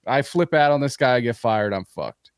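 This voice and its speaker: Profane, animated male podcast host. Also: mid-range voice, normal speed, no echo, studio quality. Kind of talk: comedic storytelling.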